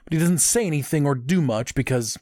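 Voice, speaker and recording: A man chatting casually on a podcast about video games, rambling and animated with many restarts. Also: fairly high pitch, brisk, no echo, studio quality. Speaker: podcast co-host, streamer. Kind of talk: casual chat.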